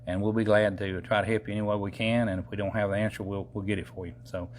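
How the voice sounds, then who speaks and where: A man's voice: fairly low pitch, flat delivery, fast. County official, man, folksy and meandering, faint room hiss. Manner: folksy, rambling with many fillers. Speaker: county executive. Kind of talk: casual public update.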